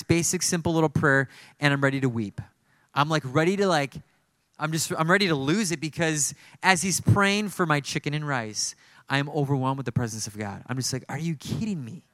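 A man's voice: on the high side, a bit bright, no room sound. A male pastor preaching a sermon in a conversational, storytelling way, full of asides.

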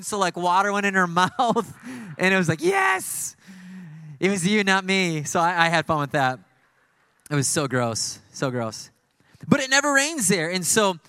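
A man's voice: a little high, fairly bright tone, clear, resonant tone, no room sound. A male pastor preaching a sermon in a conversational, storytelling way, full of asides.

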